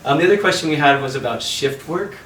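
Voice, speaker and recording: Man telling an animated story on a call. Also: a little high, fast talker, echoey room, distant mic, a little hiss or hum, poor audio. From Canada. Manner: animated storyteller acting out voices, laughing often. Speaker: yoga teacher and host. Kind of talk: casual storytelling on a video call. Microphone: video call.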